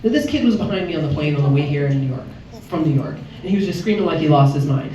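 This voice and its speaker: A woman's voice: animated, very fast. A woman in her fifties from Chicago doing a brash stand-up set and acting out voices. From Chicago, Illinois. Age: 50s. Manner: brash, acts out voices with big pitch jumps. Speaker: stand-up comedian. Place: comedy club stage. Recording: echoey club from far off, faint noise. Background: audience laughter.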